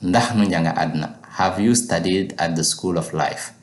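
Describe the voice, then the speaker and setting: Man, very deep voice, patient language teacher, repeats words slowly, echoey room. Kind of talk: language lesson.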